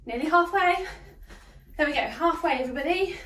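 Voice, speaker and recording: A woman's voice: high-pitched, lively intonation, brisk, fairly bright tone, roomy sound, recorded from a distance. A woman leading a hoop workout, out of breath, cheering people on and counting down the reps. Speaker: fitness instructor. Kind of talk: workout instruction.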